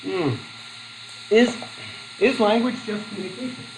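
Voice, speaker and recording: A college instructor from Vermont, USA teaches a class and takes student questions, chatty and self-deprecating with many fillers and restarts. His voice is high-pitched and measured, and the low-quality recording carries slight background noise.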